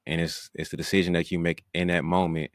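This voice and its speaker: A man hosting an interview, asking thoughtful, measured questions. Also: deep voice, flat delivery, no echo, clean studio sound. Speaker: podcast host.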